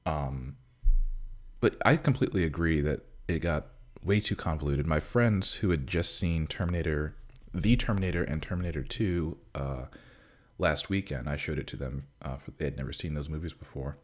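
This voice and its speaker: A man's voice: a bass voice, normal speed. A man chatting casually about a movie, rambling with lots of fillers and exasperated swearing. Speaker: film discussion co-host. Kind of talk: casual chat.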